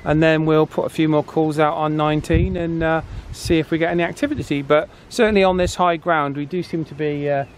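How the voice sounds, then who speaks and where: A man's voice: on the high side, steady tone, a little fast, hardly any pauses, slight background noise. Laid-back man chatting outdoors. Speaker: radio hobby vlogger. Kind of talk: casual vlog narration. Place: outdoors on high ground.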